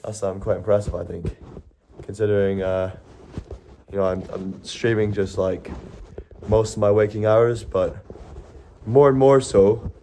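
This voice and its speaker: Rambling young male streamer, lowish voice. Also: fairly even intonation, measured pace, long pauses, dark tone, slight background noise. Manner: rambling and self-correcting, with frequent swearing. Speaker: IRL streamer. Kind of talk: casual live-stream chat.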